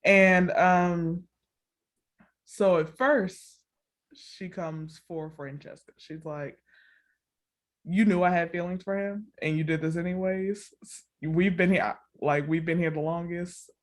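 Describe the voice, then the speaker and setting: Animated woman podcast co-host. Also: slow pace. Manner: animated storytelling, acts out quotes with big pitch jumps; laughs often, fills with "like" and "all the things". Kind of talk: casual chat recapping a reality show.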